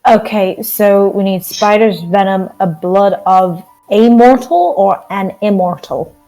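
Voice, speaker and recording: A woman playing in a tabletop game, asking blunt, quick questions. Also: medium pitch, mellow, soft background music, poor audio. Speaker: player.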